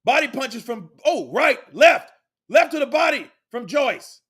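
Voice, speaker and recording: A man giving casual, excitable live play-by-play commentary on a boxing match, calling punches rapidly and swearing freely. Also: extremely high pitch, breathy edge.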